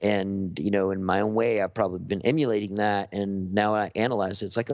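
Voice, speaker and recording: Southern Californian guy as a mellow podcast guest, lowish voice, loose rambling delivery, dry close mic sound. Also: steady tone, quick pace, hardly any pauses, no echo, lo-fi sound. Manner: laid-back, rambling, heavy on fillers. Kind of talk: casual podcast chat.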